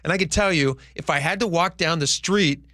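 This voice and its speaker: A man co-hosting a radio show, joking in casual banter with deadpan mock outrage, in a radio studio on a studio microphone. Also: fairly high pitch, a little fast, no room sound.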